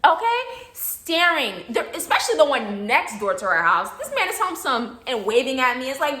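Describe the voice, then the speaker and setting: Animated young woman telling a story. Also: sits high, moderate pace, echoey room, slight background noise. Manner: animated, repeats "okay?", swears casually. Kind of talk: casual storytime monologue.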